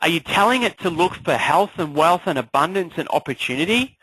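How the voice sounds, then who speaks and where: A man coaching an online class in an energetic motivational style, firing off rhetorical questions. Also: on the high side, fairly quick, slightly rough, no echo, poor audio. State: clearing a frog in his throat. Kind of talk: motivational live class talk.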